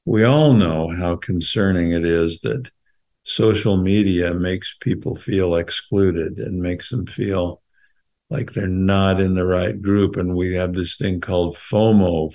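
A man's voice: sits low, fairly even intonation, takes it slowly, a little mellow. A man co-hosting a podcast who talks earnestly about faith and reads poetry, often stopping to repeat words as he thinks. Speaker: podcast co-host. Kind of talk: earnest gospel discussion and poetry reading.

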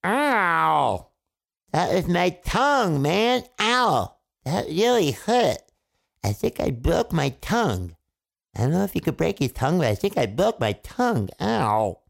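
Man voicing a wailing fairy-tale king, lively up-and-down pitch, gravelly edge, storybook. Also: brisk. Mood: whiny pained. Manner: yelps and wails in pain. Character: greedy king, whiny and panicky.

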